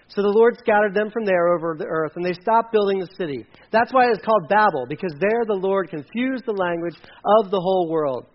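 A man's voice: high voice, fairly quick, hardly any pauses. A man preaching a sermon in a playful, joking way, leading the audience with volunteers on stage in a church. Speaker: pastor. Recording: dull lo-fi sound.

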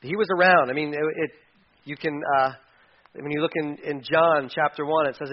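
A man preaching a sermon as pastor, animated, sometimes mimicking whiny complaints and dropping to a quiet, earnest tone. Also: on the high side, normal speed. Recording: dull lo-fi sound.

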